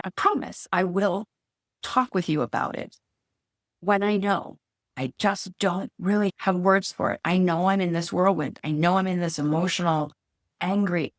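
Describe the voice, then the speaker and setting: A woman's voice: on the low side, no echo, studio quality. A woman co-hosting a podcast in casual, heartfelt chat, talking candidly and openly emotional, often searching for words. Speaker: podcast co-host.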